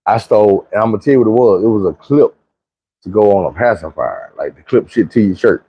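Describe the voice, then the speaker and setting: A man's voice: on the low side, expressive, brisk, slightly rough, muffled recording. A young man with a Southern US accent telling a casual, slangy, profane storytime. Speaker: storyteller vlogger.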